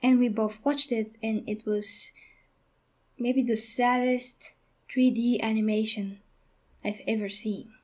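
A young woman casually talking through a movie review on her channel, halting and restarting her sentences as she goes. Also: a little high, steady tone, a little mellow. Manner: halting, with frequent restarts and fillers.

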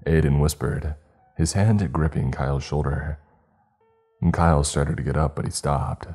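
A man narrating a horror story in slow, grave, scripted style. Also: very deep voice, steady tone, a little mellow, husky, soft background music.

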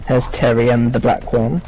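Slow-talking laid-back man. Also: mid-range voice, darkish tone, slight background noise, low-quality recording. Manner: laid-back, chuckling, sings snatches. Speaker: co-player. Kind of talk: casual gameplay chat.

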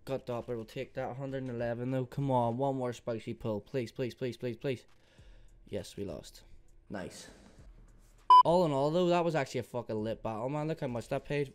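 A young man hosting an excited gaming commentary, swearing freely and swinging between pleading and loud shouts. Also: medium pitch, normal speed, clear, resonant tone. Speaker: host.

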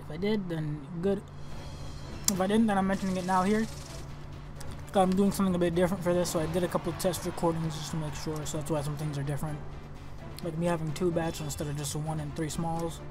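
A young man giving let's play commentary on a video game, excitable and reactive, often exclaiming and swearing. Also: on the high side, fast. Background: game music.

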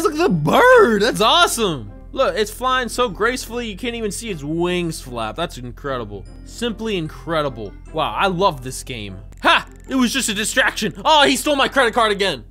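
A young man doing excitable, jokey commentary over a video game, reacting loudly and often shouting at what happens on screen. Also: high-pitched. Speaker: gaming YouTuber. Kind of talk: let's play commentary. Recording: faint game music behind.

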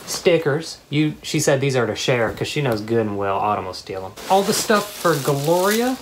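A low-pitched woman opens fan mail in a chatty, excitable way, gasping and laughing between thank-yous. The recording carries clear background noise with paper crinkling. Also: moderate pace. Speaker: vlogger opening fan mail. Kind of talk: casual unboxing chat. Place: at home.

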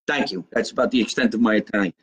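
A man's voice: on the low side, a bit bright, breathy edge. A middle-aged man with a New Jersey accent, a comedian from Jersey City, chatting casually on a live stream and reading out fan comments in a brash, profane, joking way. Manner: brash, profane, jokey, slows down to spell out contact details.

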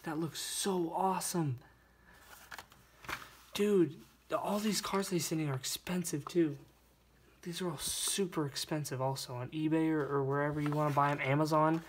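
Excited young man unboxing, noisy room. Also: a little high. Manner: breathless, gushing, stammering with excitement. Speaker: toy car collector vlogger. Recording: noisy room with crinkling bags.

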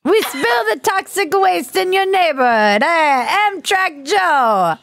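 Lady doing a cartoony italian mob guy, high squeaky bad accent, threatening, dry close sound. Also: lively intonation, takes it slowly, creaky, a bit bright, no room sound, heavily acted. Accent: mock Italian mobster. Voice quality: high, exaggerated, sing-song bad accent. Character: cartoonish male Italian mafia thug, menacing.

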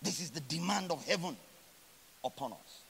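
A man preaching a sermon as a pastor, swinging from loud emphatic lines to quiet, drawn-out endings and slowly stressing scripture quotes. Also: on the high side, expressive, slight background noise. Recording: long hall reverb.

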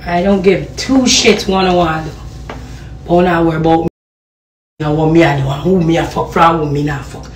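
A woman's voice: low voice, fairly even intonation, normal speed, background noise. A woman with a Jamaican accent ranting heatedly on a live stream, firing off rhetorical questions and swearing in patois. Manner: patois slang and profanity. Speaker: social media personality.

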